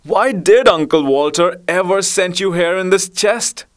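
A man's voice: high-pitched, measured pace, voice pushed up. A man reading aloud, voicing a worried young girl in an anxious, pleading way. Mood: distressed.

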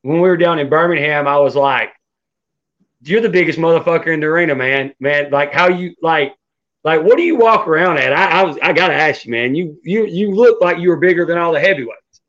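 Podcast host, male, a bit high-pitched, loose hyped chat on dull, muffled audio. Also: a little fast, a bit bright. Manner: hyped, loose, lots of "man" and "dude". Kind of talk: casual interview chat.

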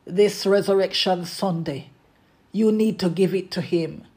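A preacher in full sermon mode, talking at a slow, deliberate pace. The delivery leans on emphatic repetition and calls out directly to the listeners, with each line given room to land. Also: mid-range voice, a little mellow. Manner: emphatic, repeats refrains and addresses the congregation directly.

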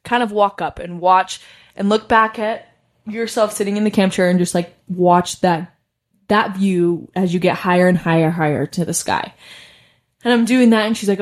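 A young woman hosting a podcast, telling a personal story in a casual, chatty way with many fillers and frequent laughs. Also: medium pitch. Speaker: podcast host.

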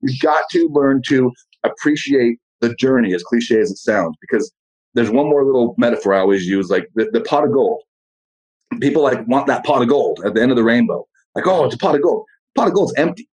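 Man, podcast guest, rapid delivery, raspy voice, profane, animated. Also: medium pitch, rough recording. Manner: blunt, profane, animated storytelling. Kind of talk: casual motivational talk.

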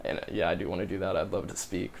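A man's voice: low voice, fairly even intonation, fast talker, gravelly, a little hiss or hum. A man co-hosting a podcast in casual chat, talking in a rambling way about his acting classes and writing. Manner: rambling, many restarts and fillers. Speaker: podcast co-host and acting student.

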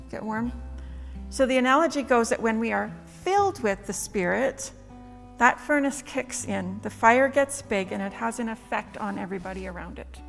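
A woman preacher giving a conversational sermon, full of rhetorical questions and quick "right?" asides. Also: fairly high pitch, vocal fry. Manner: conversational, asks many rhetorical questions with tag questions. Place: church hall. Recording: long reverb in a hall with faint music.

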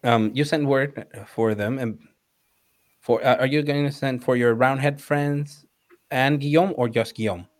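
Give me a slow-talking man as game master, pausing with fillers as he narrates. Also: mid-range voice, steady tone. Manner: hesitant, with many fillers.

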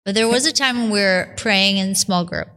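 A religious sister recounts her vocation story in a podcast interview, performing the voices of the people she quotes. Her voice is medium-pitched and her pace is moderate. She tells it as an animated storyteller, acting out her own quotes.

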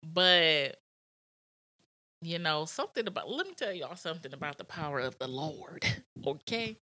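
Young female co-host, low-ish and bright, frank and reflective. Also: very animated, moderate pace. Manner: reflective, frank, laughing asides. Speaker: podcast co-host. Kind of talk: casual podcast chat.

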